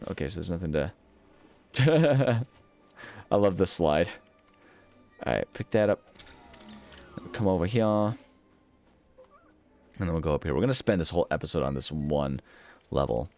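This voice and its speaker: A man's voice: low voice, a little mellow. A man hosting a gaming channel, talking casually over gameplay in a rambling, self-mocking way and humming nonsense syllables now and then.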